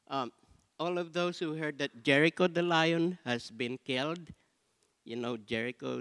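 A man delivering a sermon at an unhurried, deliberate pace. His voice carries a long reverb, as if filling a large church sanctuary. He swings from hushed to loud for drama. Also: mid-range voice. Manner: slow, dramatic delivery with big swings in loudness. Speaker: pastor.

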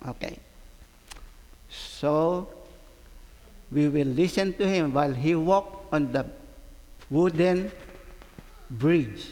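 A man reading a story aloud to children as their teacher, animated and asking them questions as he goes. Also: a little high. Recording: long hall reverb.

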